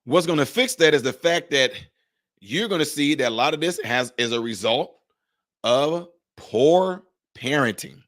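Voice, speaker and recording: A man's voice: on the high side, animated, measured pace, fairly bright tone, no room sound, clean studio sound. A man in his forties hosting a live stream, giving impassioned, preachy commentary full of rhetorical questions. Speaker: livestream host and commentator.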